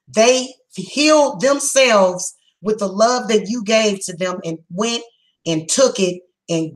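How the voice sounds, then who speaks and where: A woman giving a psychic reading, speaking bluntly and emphatically, heated and repetitive, slowing down to stress her words. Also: mid-range voice, poor audio. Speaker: psychic reader. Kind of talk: tarot reading monologue.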